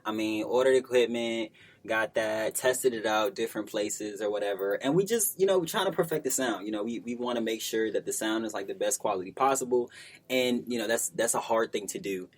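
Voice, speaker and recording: A man's voice: fairly low pitch, a little fast. A young man from Virginia co-hosting a podcast in a casual, laid-back way, with lots of fillers, recorded in a library. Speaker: podcast co-host. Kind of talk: casual chat. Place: library room.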